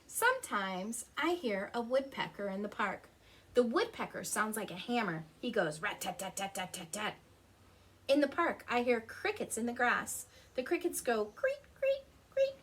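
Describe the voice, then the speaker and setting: A woman's voice: a little high, lively intonation, normal speed, fairly bright tone, husky. A woman reading a picture book aloud to young children at home, stopping to ask them questions and imitate animal sounds. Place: her home.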